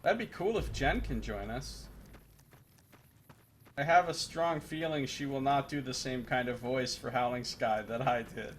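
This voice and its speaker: A man streams a game live, giving casual commentary and cracking profane jokes to his viewers in asides to chat. His voice is mid-range and a little slow, with slight background noise.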